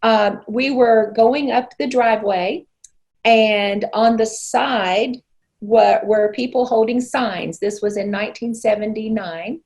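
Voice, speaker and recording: A woman's voice: on the high side, slow pace, a little mellow. A woman in her sixties, from Arkansas, earnestly telling her personal story as an interview guest. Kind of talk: personal testimony in conversation.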